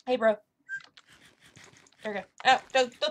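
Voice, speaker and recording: Young woman, gaming commentary, chatty, excitable, slightly high voice. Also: measured pace. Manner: chatty, excitable, talks to game characters. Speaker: gaming YouTuber. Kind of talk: casual commentary over gameplay.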